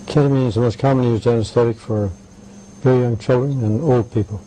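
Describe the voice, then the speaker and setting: An older man being interviewed, telling anecdotes in a halting way with many "right"s and "uh"s. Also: medium pitch, fairly even intonation, warm tone, a little hiss or hum, low-quality recording. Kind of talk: conversational interview.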